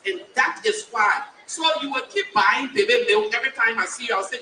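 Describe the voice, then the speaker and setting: A woman in her fifties giving a personal testimony speech as a keynote speaker, telling her story slowly and emphatically with dramatic pauses. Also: on the high side, bright, forceful tone, slight background noise. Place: large conference hall. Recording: echoey hall from far off.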